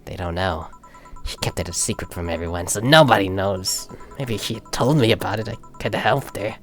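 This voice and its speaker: Male fan as a subdued young woman, measured and soft-spoken, low-pitched, light music behind. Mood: somber. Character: calm young woman, grieving sister, matter-of-fact. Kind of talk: fan voice acting of a visual novel.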